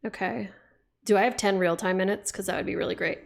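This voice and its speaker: A woman's voice: medium pitch, fairly even intonation, quick pace, creaky, slight background noise. A young woman streaming a game, chatting casually with lots of "like" and reading the game's text aloud.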